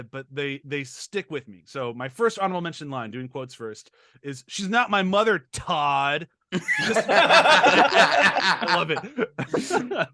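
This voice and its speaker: A man's voice: fairly high pitch, pushed and bright, no room sound, clean studio sound. A man co-hosting a film podcast in casual chat, enthusiastic, laughing often and swearing casually. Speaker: podcast co-host.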